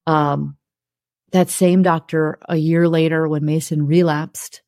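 A woman with a fairly low voice, speaking openly and with feeling as an interview guest. She recounts hard memories in a candid conversational way, breaking into laughter now and then. The sound is dry and close, with little room echo. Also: flat delivery, takes it slowly, darkish tone. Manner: frank and emotional, laughing through hard memories. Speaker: interview guest, television producer.

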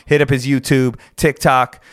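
A man's voice: medium pitch, flat delivery, normal speed, fairly bright tone, no room sound. A man with an American accent hosting a casual podcast interview, laid-back and slangy, often laughing. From United States. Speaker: podcast host.

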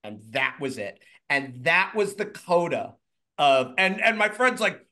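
A man's voice: a little high, lively intonation, normal speed, pushed and bright. A man in his fifties, a podcast guest telling stories in a casual, blunt way, swearing freely and acting out what people said. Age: 50s. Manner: blunt, swears freely, acts out quoted lines. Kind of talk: casual storytelling.

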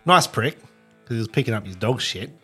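A man with a husky, breathy voice trades blunt, crude banter as a podcast co-host. His pitch sits in a middle range, and faint music plays softly behind him. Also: lively intonation, normal speed. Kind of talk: casual chat.

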